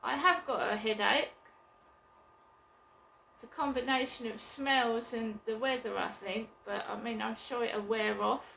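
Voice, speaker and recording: A woman vlogging from her flat, chatting casually and bluntly in a rambling way, with occasional swearing. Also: on the high side, measured pace, creaky, roomy sound, a little hiss or hum, low-quality recording. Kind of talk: casual chat to camera.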